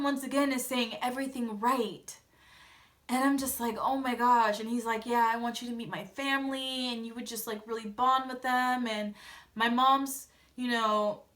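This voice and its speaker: A woman's voice: sits high, a bit bright. A young woman vlogger giving a casual, blunt recap of a reality TV episode and acting out the scenes in quoted voices.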